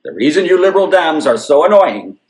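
A man's voice: a little high, sing-song, brisk. A man co-hosting a podcast, talking politics in an emphatic, repetitive way. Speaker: podcast co-host. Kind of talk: casual political chat.

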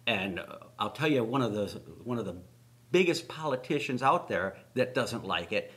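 A man's voice: mid-range voice, lively intonation, moderate pace, fairly bright tone. A man co-hosting a political talk show, indignant and mocking. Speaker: show co-host. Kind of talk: political commentary chat.

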